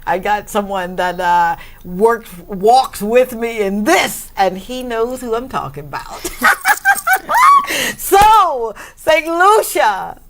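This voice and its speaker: A woman hosting a talk show, effusive and grateful, laughing often and breaking into high exclamations. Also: measured pace, hardly any pauses, noisy background. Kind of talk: warm talk show interview.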